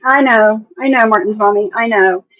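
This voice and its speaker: A woman's voice: mid-range voice, normal speed, fairly bright tone, no room sound, muffled recording. A woman from West Virginia with a country accent, giving blunt, casual commentary on a stream and swearing freely.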